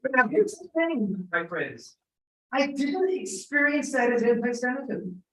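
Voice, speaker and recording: High-voiced man joking in an echoey hall. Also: a little slow, far from the mic. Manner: animated, joking, bursts of emphatic shouting. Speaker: guest lecturer, professor. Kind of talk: humorous storytelling talk. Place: large echoing temple hall.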